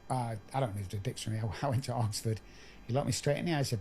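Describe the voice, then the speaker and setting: A man's voice: medium pitch, expressive, fast, darkish tone, slight background noise. A middle-aged man, a podcast guest, telling his own story candidly and earthily, acting out the dialogue.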